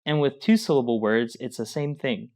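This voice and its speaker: A man explains in a calm, measured way as co-teacher of a scripted pronunciation lesson. His voice sits in an ordinary middle range. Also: mid-range voice. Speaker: Mandarin teacher.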